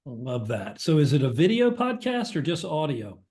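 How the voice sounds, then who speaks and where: A man's voice: on the high side, very animated, normal speed, a little mellow. A man interviewing a guest in casual chat, reacting briefly and asking short questions.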